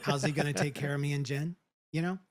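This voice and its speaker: A man's voice: fairly high pitch, steady tone, quick pace. A man co-hosting a podcast in casual chat, giving opinions and joking along. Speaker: podcast co-host.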